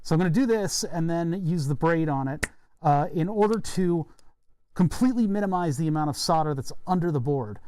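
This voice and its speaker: On a live stream, a man who builds electronics solders a circuit board back into working order, rambling casually and poking fun at himself. He's animated and fairly quick, with a highish, somewhat mellow, clean-sounding voice, and he hiccups and burps throughout.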